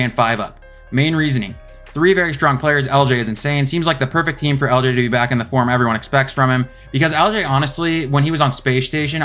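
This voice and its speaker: A man's voice: mid-range voice, fairly bright tone. A young man hosting a casual commentary video, thinking aloud as he ranks team rosters, rambling and correcting himself often. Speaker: esports video host. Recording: faint guitar music behind.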